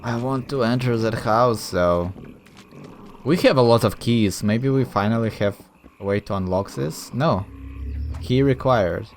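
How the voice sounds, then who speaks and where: A man's voice: medium pitch, a little slow, slight background noise. A man casually commenting while playing a video game, rambling and thinking aloud with lots of fillers. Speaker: gameplay commentator. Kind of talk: casual let's-play commentary.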